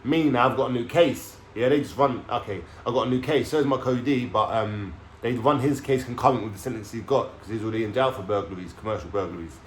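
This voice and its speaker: Man, streetwise vlogger telling his story, swears freely, tags lines with "yeah?", mid-pitched, in a roomy echoey space. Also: fast talker, hardly any pauses. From London. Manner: streetwise slang, swearing, keeps checking in with "yeah?". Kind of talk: casual storytelling to camera. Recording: echoey room with faint background noise.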